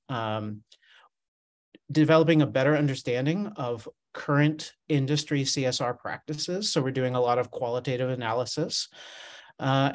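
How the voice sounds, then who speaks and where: A man who is an assistant teaching professor, presenting research in a webinar, earnest and explanatory with fillers. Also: medium pitch.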